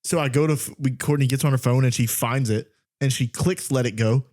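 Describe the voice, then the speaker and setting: A man's voice: mid-range voice, fairly quick, a little mellow. A young man co-hosting a podcast, telling stories in casual chat, often laughing and mimicking a voice assistant. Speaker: podcast co-host.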